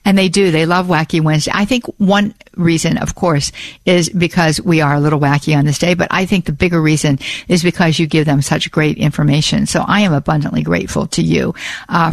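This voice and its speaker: A woman's voice: lowish voice, no room sound. A woman hosting a Catholic radio talk show, chatty and laughing easily in the studio.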